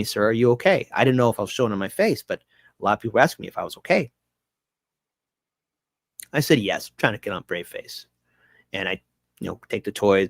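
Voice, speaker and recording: A man, a guest on a talk show, telling an emotional personal story in an earnest, halting way with many restarts. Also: low-pitched, fairly bright tone, dry recording, studio quality.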